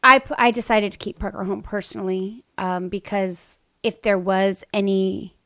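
A middle-aged podcast co-host shares an emotional personal story during a casual chat, restarting often. Her medium-pitched voice is steady and sharp at a normal speed.

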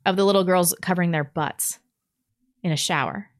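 A woman's voice: lowish voice, a little fast. A woman co-hosting a call-in show, blunt and scornful. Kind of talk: casual call-in chat.

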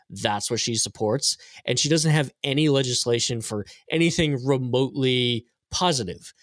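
A man's voice: medium pitch, no room sound, studio quality. A man in a casual political podcast chat, talking bluntly with exasperation. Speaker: podcast panelist.

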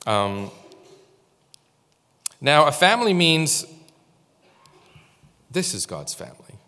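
A man's voice: on the high side, very animated, slow, sharp tone. Man preaching in a reverberant church. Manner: informal, storytelling, speaks directly to the congregation. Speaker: pastor. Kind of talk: conversational sermon. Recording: long hall reverb.

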